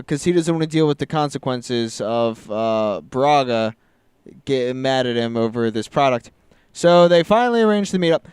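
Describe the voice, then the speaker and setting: A man co-hosting a podcast, casually retelling a film plot and slipping into quick quoted voices. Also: a little high, darkish tone, clean tone, no room sound, clean studio sound. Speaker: podcast co-host recapping a film. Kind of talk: casual chat.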